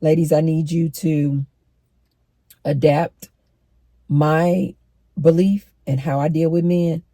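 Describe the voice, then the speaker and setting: A woman's voice: deep voice, fairly even intonation, slow, long pauses, mellow, dry recording. A middle-aged woman giving relationship advice straight to her viewers, emphatic and preachy. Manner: emphatic, preachy, direct address to women. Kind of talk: advice monologue to camera.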